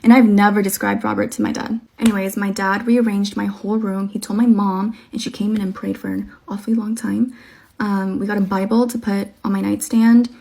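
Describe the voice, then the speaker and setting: A woman's voice: mid-range voice, flat delivery, a little fast, creaky, mellow. A woman telling a personal story in a chatty, slangy, casual way.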